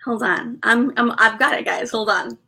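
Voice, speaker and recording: A young woman hosting a casual live stream, excited and rambling, stumbling over restarts and fillers as she chats with viewers. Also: fairly high pitch, normal speed, vocal fry, husky. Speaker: livestream host.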